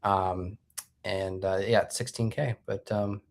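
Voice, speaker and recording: A man's voice: on the low side, steady tone, takes it slowly, gravelly. A man guesting on a podcast, chatting casually and enthusiastically about his own comics over a video call, rambling a little. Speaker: guest, comic book creator. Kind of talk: casual chat.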